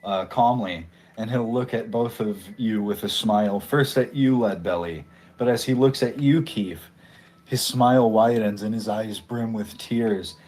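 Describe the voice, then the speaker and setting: A man narrating a tabletop role-playing game as game master, relaxed, with frequent fillers. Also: fairly low pitch, a little slow.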